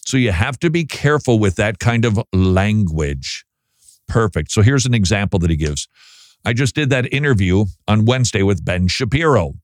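A man's voice: lowish voice, animated, normal speed, no echo, studio quality. A man hosting a Christian talk show, chatting casually with wry, self-deprecating humor.

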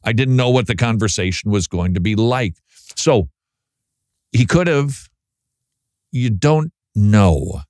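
A man's voice: lowish voice, expressive, slow pace, pauses often, a little mellow, no room sound, clean studio sound. A man hosting a Christian talk show, chatting casually with wry, self-deprecating humor.

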